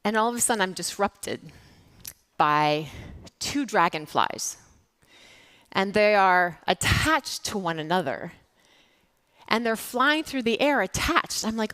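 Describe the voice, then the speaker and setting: Bright, chatty American woman on stage. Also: mid-range voice, lively intonation, a little slow. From United States. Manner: chatty, anecdotal, many fillers and restarts. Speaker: keynote speaker. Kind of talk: conference talk. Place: stage at a summit.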